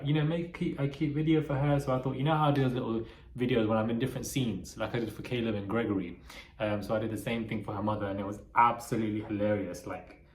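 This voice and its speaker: In a reverberant recording, a man with a lowish voice hosts a channel and offers casual, opinionated takes on reality TV. He's chatty and now and then breaks into laughter.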